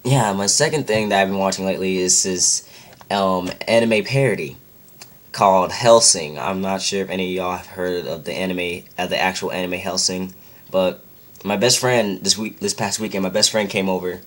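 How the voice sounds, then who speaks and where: Rambling young man with a low voice. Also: normal speed, fairly bright tone. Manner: rambling, many "like"s, self-correcting. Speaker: vlogger. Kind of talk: casual retelling.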